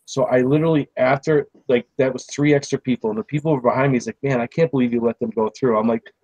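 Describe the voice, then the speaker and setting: A man's voice: medium pitch, fairly even intonation, fast talker, darkish tone, husky, no room sound, dull audio. A man, a podcast host telling a long, rambling story in casual chat. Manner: rambling, restarts, acts out quoted people.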